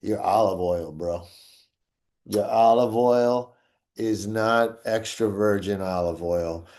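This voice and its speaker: A man's voice: lowish voice, takes it slowly, darkish tone. A man co-hosting a podcast in casual chat, teasing and joking with his friend. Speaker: podcast co-host.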